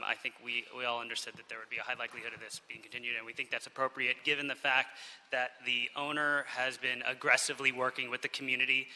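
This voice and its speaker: Lawyer guy at a council mic, quick and monotone, super bright, echoey room. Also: mid-range voice. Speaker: attorney for the property owner. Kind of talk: formal public testimony. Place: council chamber. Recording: echoey hall.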